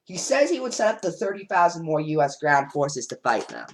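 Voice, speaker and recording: A woman's voice: low-pitched, sing-song, brisk, slight background noise. A woman giving casual, sarcastic commentary with rambling asides.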